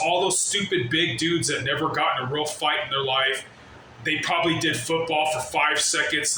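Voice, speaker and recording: A man's voice: fairly high pitch, sharp tone. A man ranting in a brash, constantly swearing way in a reaction video, drifting off on tangents. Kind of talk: profane rambling reaction rant. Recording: very echoey room, slight noise.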